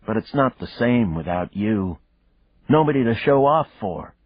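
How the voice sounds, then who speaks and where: A man's voice: fairly low pitch, lively intonation, a little slow, no echo, voice pushed up. A man voicing a cute, playful young girl in an audiobook, in a sing-song, teasing way. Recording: dull lo-fi dry recording.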